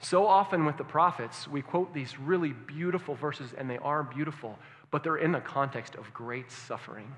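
A male pastor preaching a sermon, asking the congregation questions and swinging from hushed tones to loud emphasis. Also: a little high, normal speed. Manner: engaging, asks the congregation questions. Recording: long hall reverb.

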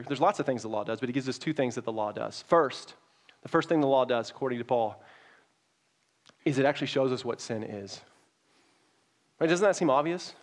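A man preaching a sermon as pastor, reading scripture and explaining it in a conversational way that rises to emphatic peaks. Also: fairly high pitch.

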